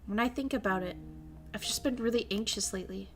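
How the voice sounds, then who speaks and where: A woman voicing an anxious teenage boy, reading his lines from a visual novel in a quiet, uneasy manner. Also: mid-range voice, brisk, soft background music, close to an everyday voice.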